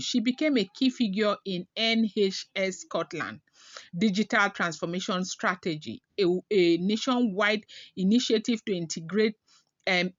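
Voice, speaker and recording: A woman's voice: medium pitch, fairly bright tone, dry recording. Woman vlogger, chatty gossip host, dry muffled lo-fi mic. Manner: chatty, keeps adding "okay?" and "you know". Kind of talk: casual gossip monologue.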